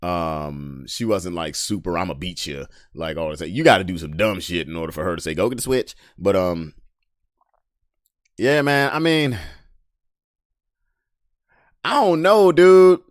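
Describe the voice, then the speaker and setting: Podcast host, man, early 30s, lowish voice, blunt and profane, flips between quiet asides and loud mock outrage, close dry sound. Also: a little slow, pauses often, no echo. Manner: swings from low mutters to loud mocking rants; blunt and profane, with short laughs. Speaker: podcast host reading memes. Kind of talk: casual live-stream commentary.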